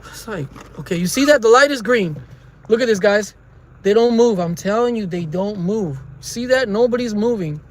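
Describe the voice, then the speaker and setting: Venting at moderate pace with a high pitch and lively intonation, a man rambles about traffic to his vlog audience, calling them "guys." It's a casual driving video shot on a dash-mounted phone, with faint road hum in the car.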